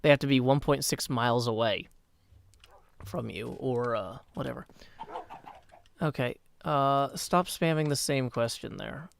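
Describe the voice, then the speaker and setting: A man with a hoarse morning voice, rambling and chatty as he streams a game and answers chat mid-thought. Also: medium pitch, unhurried, long pauses, slight background noise. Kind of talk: live-streamed game commentary.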